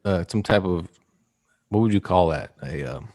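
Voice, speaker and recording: A man's voice: sits low, moderate pace, darkish tone. A man hosting a podcast in casual, rambling chat, joking and teasing his co-hosts. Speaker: podcast host.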